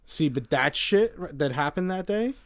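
Brief: young male co-host, loose and profane, flares into animated rants. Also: on the high side, normal speed. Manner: animated, swearing, rants in bursts. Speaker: podcast co-host. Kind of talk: casual chat.

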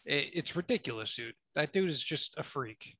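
A man's voice: a little high, expressive, moderate pace, vocal fry, sharp tone. A man in a casual sports chat, arguing emphatically and citing stats. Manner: emphatic, stat-heavy arguing.

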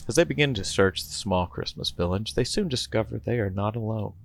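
Gravelly low-voiced man reading a comedy story. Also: lively intonation, fairly quick, slight background noise. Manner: playful storyteller, chuckling between bits. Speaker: podcast host.

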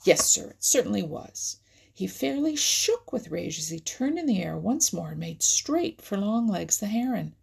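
A woman reading a children's animal story aloud, lively and expressive, sometimes dropping to a whisper. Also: medium pitch, moderate pace, creaky, slightly rough. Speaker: narrator.

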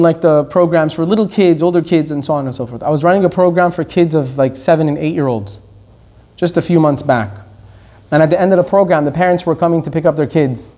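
A man's voice: a little high, darkish tone. A middle-aged man from Iran giving a Torah lecture as a teacher, emphatic, repeating his key points and drifting into anecdotes.

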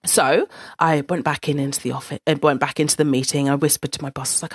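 A woman telling a personal story in a casual, blunt monologue. She swears freely and speaks with an animated delivery. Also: low voice, fast, breathy edge, no echo, clean studio sound.

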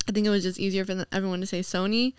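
A woman's voice: medium pitch, steady tone, rapid-fire, smooth, dry recording, clean studio sound. A young woman chatting as a podcast guest, full of fillers, laughing often and slipping into mocking voices. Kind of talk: casual podcast chat.

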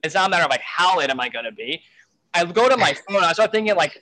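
A man's voice: high-pitched, lively intonation, fast talker, bright, forceful tone, rough recording. A man telling a frantic story in a casual way, full of fillers and swearing. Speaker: guest storyteller.

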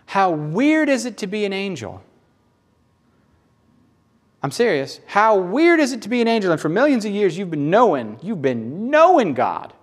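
Lively Southern preacher man. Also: high-pitched, normal speed. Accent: Southern American. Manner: animated, playful, emphatic. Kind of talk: sermon.

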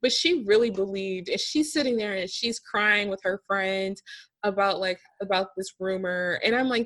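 A woman in casual podcast chat, venting in an animated, exasperated way with frequent laughs. Her voice sits at an ordinary middle pitch for a woman. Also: normal speed. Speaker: podcast co-host.

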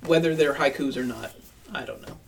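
A man's voice: medium pitch, fairly quick, slight background noise, low-quality recording. A man from Pennsylvania chatting playfully and insistently on a podcast. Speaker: podcast co-host. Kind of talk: casual podcast chat.

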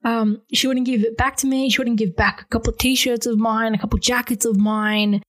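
A woman's voice: a little high, fairly even intonation, brisk, rough recording. A woman co-hosting a podcast, telling a story in casual chat, swearing freely and laughing a lot. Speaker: podcast co-host.

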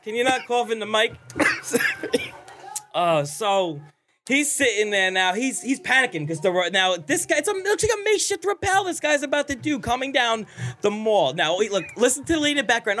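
A man with a strikingly high voice hosts a casual podcast chat, reacting to a clip with profane, laughing excitement. His tone is bright and sharp. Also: normal speed, faint music behind. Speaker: podcast host.

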